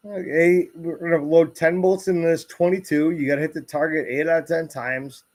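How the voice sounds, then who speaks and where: A man's voice: fairly high pitch, moderate pace. A man in his forties on a casual podcast, telling profane, rowdy stories and acting out the people in them. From grew up in the country. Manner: profane, storytelling with animated quoted voices. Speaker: podcast co-host. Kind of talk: casual chat.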